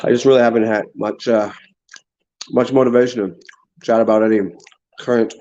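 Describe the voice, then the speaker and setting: A man's voice: medium pitch, little pitch movement, brisk, warm tone, lo-fi sound. A man chatting casually on a livestream, rambling and laughing while he eats and drinks. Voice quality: rambling, laughs often, talks with mouth full. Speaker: livestream host.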